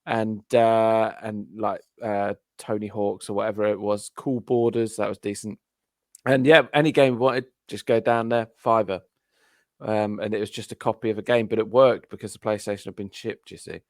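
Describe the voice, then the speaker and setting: A man with a sore throat, hosting a podcast in a relaxed, rambling chat. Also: on the low side, moderate pace, no echo. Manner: rambling, relaxed, filler-heavy. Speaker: podcast host. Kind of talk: casual chat.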